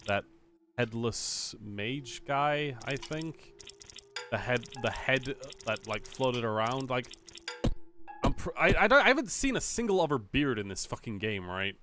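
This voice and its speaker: A man's voice: medium pitch, very animated, a little slow. A man streaming a video game, talking in a rambling, casual way and swearing often. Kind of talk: live gameplay commentary. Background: game music.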